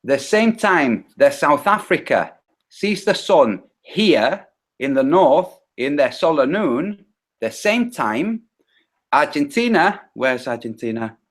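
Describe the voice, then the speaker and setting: Man on a video call, slightly high voice, slow and patient, walks through each step and corrects his own slips. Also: big pitch swings. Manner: patient step-by-step explaining with frequent self-corrections. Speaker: presenter. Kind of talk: live online video call discussion.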